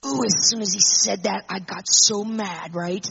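A woman speaker telling an animated personal testimony to an audience, acting out the people in it. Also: medium pitch, measured pace, vocal fry, slight background noise. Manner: animated storyteller, acts out quotes. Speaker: Christian speaker. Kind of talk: storytelling testimony. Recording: muffled lo-fi recording.

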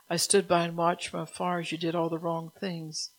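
Gravelly-voiced woman preaching a sermon. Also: sits low, completely flat delivery, fairly quick, few pauses, poor audio.

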